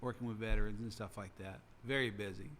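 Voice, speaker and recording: A man's voice: fairly low pitch, steady tone, fast talker, a bit bright, slight background noise. Earnest man sharing reflectively. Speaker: retired ministry worker.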